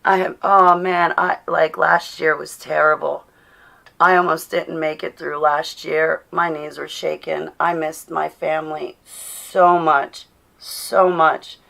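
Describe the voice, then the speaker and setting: A woman with a low, gravelly voice hosts a casual livestream from home. She chats warmly and directly with viewers, calling them by name and laughing as she goes. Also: level tone, slow. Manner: chatty, addresses viewers by name, laughs often. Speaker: livestream host. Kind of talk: casual live chat to viewers. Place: indoors at home.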